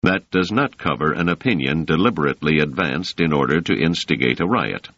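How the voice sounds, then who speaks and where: A man voicing a calm, formal male security officer, in a slightly muffled recording. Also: extremely low pitch, a little fast, no echo, heavily acted.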